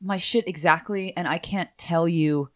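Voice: mid-range voice, steady tone, measured pace, fairly bright tone. A podcast co-host chatting casually, reacting with strong feeling and swearing freely. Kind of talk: casual chat.

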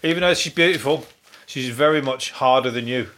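A man's voice: medium pitch, fairly quick, a bit bright. A man with a Birmingham accent hosting a solo podcast, rambling casually with swearing, self-mocking jokes and restarts. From England. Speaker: podcast host.

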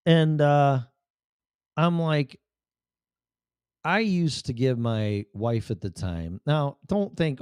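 A man's voice: mid-range voice, big pitch swings, takes it slowly, long pauses, darkish tone, no room sound. A man hosting a show, telling a personal story bluntly, full of profanity.

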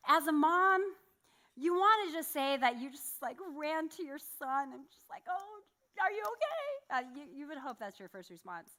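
Bright high-voiced woman preaching. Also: expressive, moderate pace. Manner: candid, self-deprecating storytelling with laughs. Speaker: church speaker. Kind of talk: sermon with personal story.

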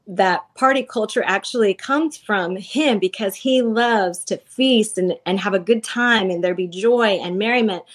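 A woman in her thirties, a podcast guest, telling a personal faith story in casual, earnest talk full of fillers. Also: mid-range voice. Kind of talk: casual testimony.

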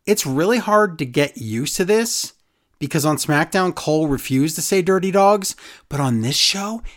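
A podcast host recapping a wrestling show in casual chat, sarcastic and animated, acting out quotes in other voices. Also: medium pitch, normal speed.

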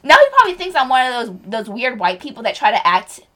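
Lively, laughing woman podcast host. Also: on the high side, fast. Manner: animated storytelling, acts out quotes, laughs often. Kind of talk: casual chat.

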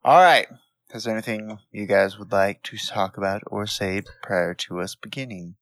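A man's voice: on the low side, moderate pace, a bit bright, no echo. A man hosting a casual podcast, introducing players with playful jokes and laughing asides. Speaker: host.

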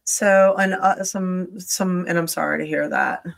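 Low-pitched woman host, casual chat, lots of ums and restarts. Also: fairly even intonation, measured pace, creaky. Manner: hesitant, many fillers and restarts. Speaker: talk show host.

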